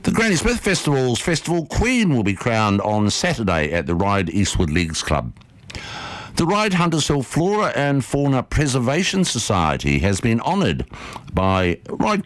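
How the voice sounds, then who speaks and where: Lively low-voiced male newsreader. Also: no echo. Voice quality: distinctive accent. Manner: brisk, measured news delivery. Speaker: local newsreader. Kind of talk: read radio news bulletin.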